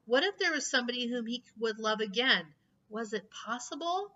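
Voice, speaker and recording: Bright-voiced woman reading a storybook aloud. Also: fairly high pitch, normal speed. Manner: expressive, emotional storytelling. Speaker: reader. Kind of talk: reading a children's book aloud. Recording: slightly distant, dull lo-fi mic.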